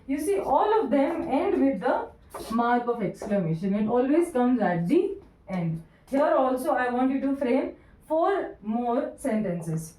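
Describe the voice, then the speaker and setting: Woman, Indian English accent, grammar teacher, fairly high voice, echoey classroom, mic set back from her. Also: very animated, warm tone, distant mic, slight background noise. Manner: encouraging teacher, dictating slowly with repeats. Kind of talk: recorded classroom lecture. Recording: roomy echo, voice from away from the mic.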